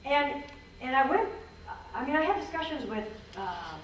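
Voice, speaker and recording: A woman's voice: high-pitched, very animated, normal speed. Woman presenter, earnest and candid, many restarts; distant mic in a reverberant hall. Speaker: symposium presenter, former range conservationist. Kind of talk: conference talk with questions. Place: conference hall. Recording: echoey hall, distant mic, faint noise.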